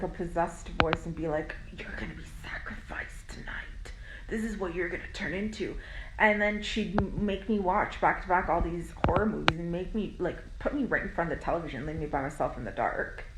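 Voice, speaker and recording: A woman's voice: fairly low pitch, reverberant, slight background noise, low-quality recording. A young adult woman talking candidly and emphatically in a rambling monologue, swearing freely. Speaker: spiritual content creator. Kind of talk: casual direct-to-camera monologue.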